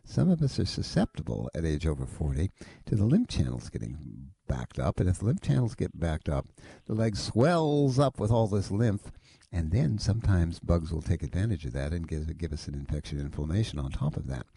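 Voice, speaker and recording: A man's voice: low-pitched, very animated, normal speed, gravelly, warm tone, breathy edge. A man over forty hosting a call-in health show, giving folksy, rambling advice with careful hedges. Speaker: radio health show host.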